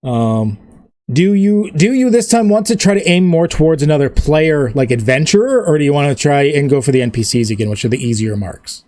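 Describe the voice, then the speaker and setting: Game master, male, slightly high voice, loose rambling narration, dry close sound. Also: expressive, fairly quick, darkish tone, no room sound. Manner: rambling, loose, full of fillers.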